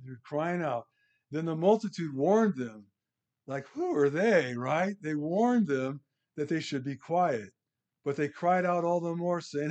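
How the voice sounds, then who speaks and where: A man's voice: on the high side, lively intonation, unhurried, darkish tone. Man teaching a casual Bible study. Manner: conversational, restarts sentences, rises to emphatic reading of scripture.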